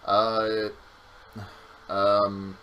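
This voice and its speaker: A man's voice: on the low side, completely flat delivery, drawn-out words, highs cut off, a little hiss or hum. A man streaming a game with his partner, chatting casually and joking around, sometimes breaking into silly voices. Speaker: co-host playing a game on stream. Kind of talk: casual gameplay chat.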